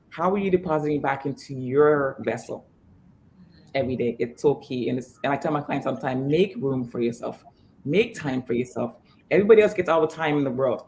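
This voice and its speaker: Fitness trainer lady talking fast and pushy-motivational on a video call, bit of hiss behind. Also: rumbling low, a little mellow. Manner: emphatic, motivational, fast restarts. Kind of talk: interview guest.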